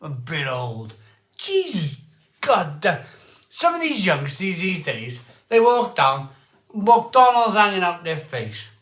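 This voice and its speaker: A man in his forties chats to his live-stream viewers, slow and unhurried, joking as he reads their comments. His voice is bright and a little high for a man, and the room around him rings with echo. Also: big pitch swings. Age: 40s. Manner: jokey, reads viewer comments aloud and laughs a lot. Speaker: host of a live beer-tasting stream. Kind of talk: casual live-stream chat. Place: at home, indoors.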